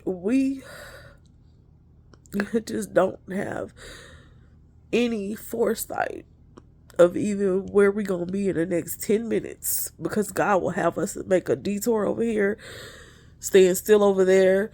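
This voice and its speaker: Gravelly-voiced woman, earnestly preaching. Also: medium pitch, slow pace, long pauses, warm tone. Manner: earnest, preachy, addresses listeners as y'all. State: emotional. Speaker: inspirational speaker. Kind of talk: spiritual encouragement talk.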